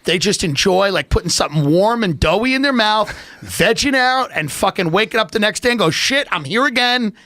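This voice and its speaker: A man's voice: sits high, lively intonation, brisk, sharp tone, no echo. A man doing a profane, sarcastic comedic rant, mocking and swearing as he goes.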